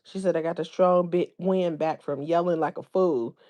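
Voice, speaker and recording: A woman with a slightly low voice hosts a casual livestream, reading viewers' comments aloud. Her talk is loose and full of everyday slang, easygoing and chatty. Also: steady tone, normal speed, dark tone, muffled recording. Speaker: livestream host.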